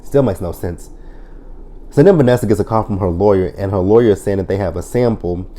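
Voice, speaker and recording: Reviewer, male: low, mellow voice, swears freely, retells scenes with lively quoted lines. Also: a little fast. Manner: profane, blunt storytelling. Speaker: TV show reviewer. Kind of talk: casual episode recap review.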